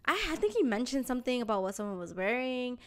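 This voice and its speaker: A young woman hosting a podcast, telling a story in casual chat, animated and acting out the voices of people in it. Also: on the high side, fast talker, clear, resonant tone. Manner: animated, acts out voices in her stories, swears casually. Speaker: podcast host.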